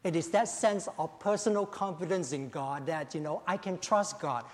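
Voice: mid-range voice, normal speed. An emphatic pastor preaching a sermon after an opening prayer. The speaker hammers home key phrases by repeating them and leans on "you know" between thoughts. The voice rings out with a long reverb tail, as in a large church hall.

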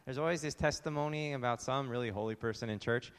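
A pastor preaching a conversational sermon, asking the congregation rhetorical questions. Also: male voice, medium pitch, quick pace, hardly any pauses, clean tone, big-room sound.

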